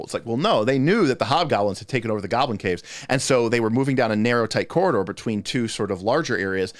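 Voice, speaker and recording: A man's voice: medium pitch, fast talker, hardly any pauses, no room sound. A man hosting a livestream, talking casually in a rambling, chatty way that often breaks off mid-thought. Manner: rambling, chatty, self-interrupting. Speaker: host answering game master questions.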